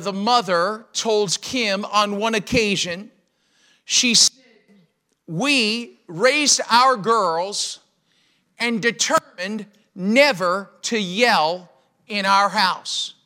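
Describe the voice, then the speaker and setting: Middle-aged pastor guy preaching hard, high voice, lots of rhetorical questions. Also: sharp tone. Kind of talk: sermon.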